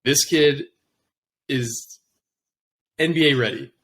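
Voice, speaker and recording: A man's voice: mid-range voice, takes it slowly, fairly bright tone, a little hiss or hum. A man co-hosting a sports podcast, talking in an enthusiastic, casual way and leading the conversation. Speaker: podcast co-host.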